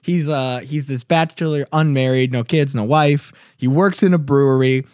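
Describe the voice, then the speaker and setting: In a casual chat, a man hosting a podcast tells a story and laughs a lot. He speaks at a moderate pace in a mid-range, slightly mellow voice, captured as clean studio audio with no room sound.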